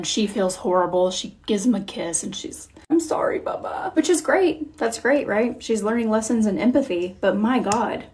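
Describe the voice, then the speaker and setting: A woman in her thirties telling a candid, profane, animated parenting story in a vlog. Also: medium pitch. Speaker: mom content creator. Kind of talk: confessional vlog monologue.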